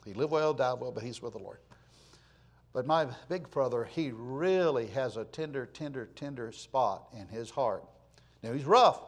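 A man, preaching in a folksy storytelling way, repeating words for weight and swinging from loud to hushed. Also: mid-range voice, animated, moderate pace. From Florida, USA. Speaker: pastor. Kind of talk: storytelling sermon.

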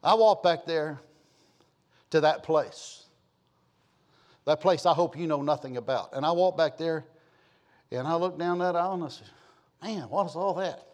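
Middle-aged male pastor, folksy and emphatic, a touch high-pitched. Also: normal speed, long pauses, a little mellow. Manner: folksy storytelling, rising to emphatic preaching. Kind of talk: sermon.

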